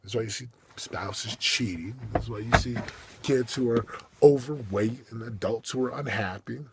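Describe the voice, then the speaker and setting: A man giving a motivational monologue as a coach, emphatic and preachy, with big swings in loudness. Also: mid-range voice, husky.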